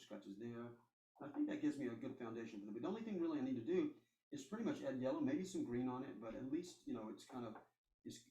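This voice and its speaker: A man's voice: on the low side, vocal fry, dark tone, reverberant, distant mic, poor audio. A man teaching a live airbrush painting demonstration, talking casually and reassuringly as he works. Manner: casual, reassuring, thinks aloud while working. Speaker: art instructor.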